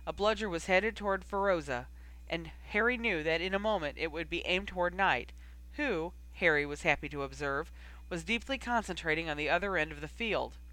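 Bright, expressive audiobook narrator. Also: mid-range voice, fairly quick, rough recording. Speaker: audiobook reader. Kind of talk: fan fiction audiobook narration.

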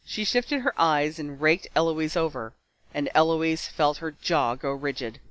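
A man narrating a fan fiction story aloud with steady, expressive storytelling. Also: on the high side, measured pace, clean tone, no echo, poor audio. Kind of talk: fan fiction audiobook reading.

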